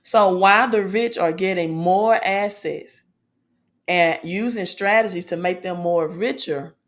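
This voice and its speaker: A woman's voice: on the low side, unhurried. Emphatic woman talking finance. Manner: emphatic, asks "right?" often, informal grammar. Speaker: finance video host. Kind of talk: casual finance commentary.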